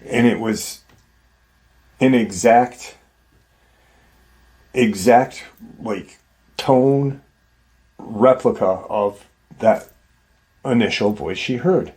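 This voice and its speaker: A man with a fairly low voice recounts a family's eerie experience at a slow, easygoing pace. His telling is loose and chatty, full of small fillers and restarts. He sounds like a host walking listeners through the story. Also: darkish tone. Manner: loose and conversational, many fillers. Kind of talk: casual storytelling of a retold encounter.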